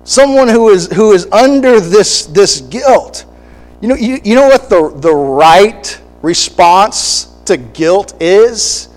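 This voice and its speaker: A man preaching a sermon, animated and acting out quoted voices, with short laughs between points. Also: high-pitched, poor audio.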